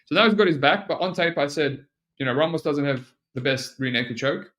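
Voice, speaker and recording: A man's voice: on the high side, fairly quick, fairly bright tone. Rambling man. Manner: rambling, self-mocking, frequent fillers and restarts. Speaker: podcast host. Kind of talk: casual solo podcast talk.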